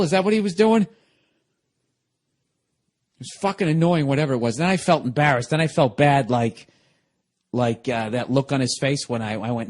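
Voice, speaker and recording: A man's voice: mid-range voice, normal speed, pauses often, a little mellow. A middle-aged man, a comedian hosting his own podcast, telling a story in a casual, rambling monologue full of profanity.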